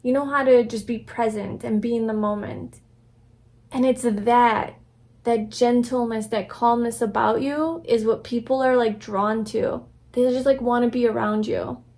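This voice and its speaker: On the high side and steady, the young woman's voice keeps a measured pace. She rambles through a casual pick-a-card tarot reading with many fillers and restarts, soft and affirming throughout.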